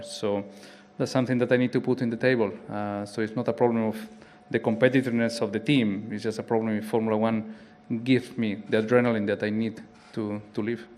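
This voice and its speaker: A man's voice: fairly low pitch, flat delivery, a little mellow, a little hiss or hum. A man from Spain, a racing driver who speaks English with a Spanish accent, answering reflectively at a press conference, often restarting his phrases. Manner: halting, reflective, with frequent restarts.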